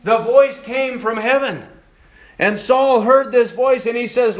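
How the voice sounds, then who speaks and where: A male pastor preaching a sermon in a church, swinging between hushed and raised passages and slowing down for emphasis. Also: very high-pitched. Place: church sanctuary. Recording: echoey church room.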